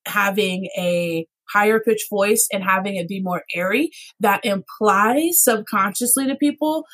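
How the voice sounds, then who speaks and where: A woman co-hosting a casual podcast chat, musing in a relaxed way with frequent fillers. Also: medium pitch, unhurried, rough recording.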